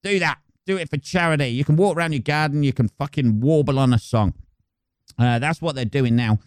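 Man, crude rambling podcast monologue, slightly high voice, smooth, dry close mic. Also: a little fast, no room sound. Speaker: podcast host. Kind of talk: casual comedic monologue.

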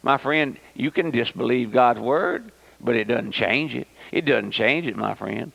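A man's voice: medium pitch, lively intonation, unhurried, vocal fry, a bit bright. A man, preaching a fervent radio sermon and calling his listeners my friend. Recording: dull lo-fi old radio recording.

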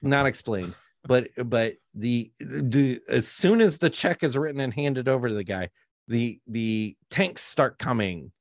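A man's voice: mid-range voice, lively intonation, unhurried, no echo, clean studio sound. A man co-hosting a podcast, chatting casually about a movie in a rambling, sardonic way. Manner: rambling, self-interrupting, sardonic. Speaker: podcast co-host. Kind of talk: casual movie review chat.

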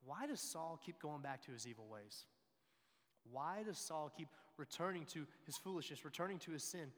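A man's voice: fairly high pitch, normal speed, in a large hall. A man preaching a sermon, retelling a scripture story and reading its quoted lines with emphasis.

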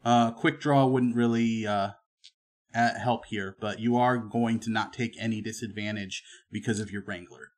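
A man narrating and running a western tabletop role-playing game as game master, relaxed and full of fillers. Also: on the low side, moderate pace.

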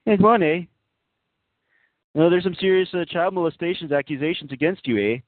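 A man's voice: a little high, fairly quick, no echo, pitched above the performer's own voice, lightly acted. A man voicing a brash joking Canadian priest in a put-on Canadian accent, ending every phrase with a sing-song "eh?", over a dry, tinny phone-line recording. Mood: mocking.

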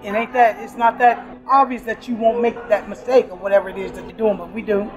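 A middle-aged woman who works at an airport store gives a casual, upbeat interview, sounding warm, laughing often, and slipping in preachy asides. She talks fast at a medium pitch with fairly even intonation. Behind her are music, crowd chatter, and the bustle of a crowded airport.

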